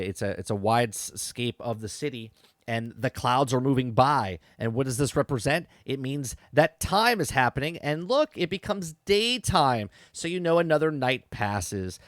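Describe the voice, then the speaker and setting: Casual male podcaster, mid-pitch, chatty recap with restarts, dry close mic. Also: animated, moderate pace, dry recording. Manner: chatty, repeats words and restarts, frequent "okay?" and "right?" asides. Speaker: podcast host reviewing a TV episode.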